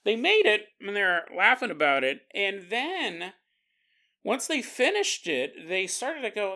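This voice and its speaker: A man's voice: high voice, wildly swooping pitch, unhurried, pushed and bright. A man hosting a podcast, telling a story in a jokey, casual way, acting out quoted voices and laughing often. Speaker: podcast host.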